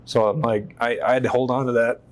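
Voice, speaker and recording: A man from the United States, a veteran guest, telling his story in an interview in an animated, profane way and acting out what people said. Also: medium pitch, quick pace. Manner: animated, profane, acts out quotes. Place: on a stage in a shop.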